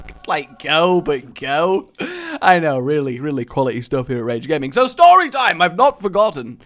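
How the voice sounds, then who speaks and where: A man's voice: on the high side, pushed and bright. A man hosting a gaming video, rambling through jokey, casual commentary while he plays and swearing freely.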